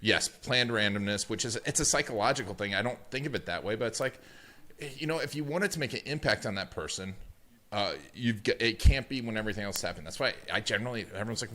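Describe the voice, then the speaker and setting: A man hosting an interview, agreeing easily and talking loosely, with halting restarts. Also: on the low side, expressive, sharp tone. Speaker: podcast host. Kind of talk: casual interview chat.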